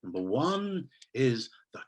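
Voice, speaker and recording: Animated man leading an online class. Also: mid-range voice, takes it slowly. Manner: enthusiastic and animated; quizzes the audience, reads names from chat. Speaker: teacher trainer. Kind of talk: online teacher training talk. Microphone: video call.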